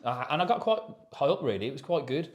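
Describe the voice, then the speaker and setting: A man's voice: fairly high pitch, sing-song, quick pace, a little hiss or hum. A man in his thirties, co-hosting a podcast, chatting loosely and swearing as he rambles through his story. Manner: rambling, sweary and matter-of-fact. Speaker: podcast co-host. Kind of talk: casual chat. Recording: echoey room.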